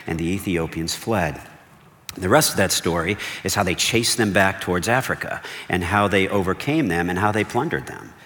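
Male pastor preaching in a reverberant hall. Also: low voice. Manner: animated preaching with rhetorical questions and acted-out dialogue. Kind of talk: sermon.

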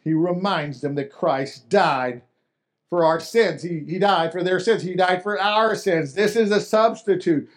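A man with a high voice preaches a sermon, talking to his listeners as if in conversation. He restarts and repeats his words and asks them questions. His volume swings between quiet and loud to drive his points home. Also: measured pace. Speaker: pastor.

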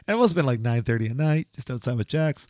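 A man's voice: medium pitch, expressive, fast, mellow, no room sound, clean studio sound. A man co-hosting a podcast, telling a story in casual, profane chat. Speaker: podcast co-host.

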